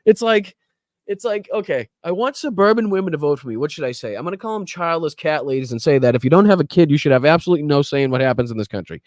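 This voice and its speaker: A man's voice: high voice, animated, a little slow, long pauses, a little mellow, no echo, clean studio sound, voice pushed up. A man doing a mocking impression of a boastful male politician, sneering and self-mocking.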